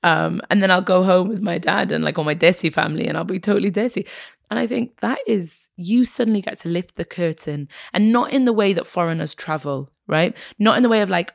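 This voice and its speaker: A woman's voice: lowish voice, fairly quick, gravelly, no echo, studio quality. A British woman talking as a podcast guest, emphatic and passionate, now and then swearing for emphasis. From Britain. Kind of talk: conversational interview.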